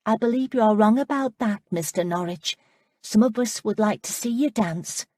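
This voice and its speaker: Narrator doing a lovesick young girl, higher and brighter than her own husky voice, pleading. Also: normal speed, close to an everyday voice. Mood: earnest. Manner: bold, earnest and pleading. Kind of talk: audiobook character voice.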